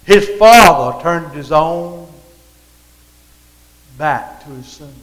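A man's voice: fairly high pitch, lively intonation, slow. A man preaching a rambling sermon, his voice swelling and dropping as he repeats himself. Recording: reverberant hall.

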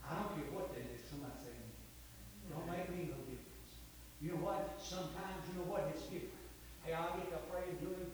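A man preaching a sermon, calling for amens and building up to shouts. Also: sits high, fast talker, very echoey, in a large hall, distant mic, a little hiss or hum, poor audio. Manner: call-and-response, rising to shouts.

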